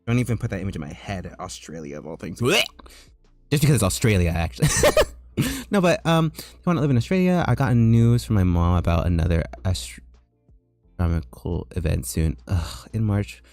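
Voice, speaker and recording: A man streaming as an artist, chatting casually as he works and breaking into high squeals of disgust and laughter. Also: animated, moderate pace, darkish tone, dry recording, faint music behind. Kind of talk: casual live-stream chat while drawing.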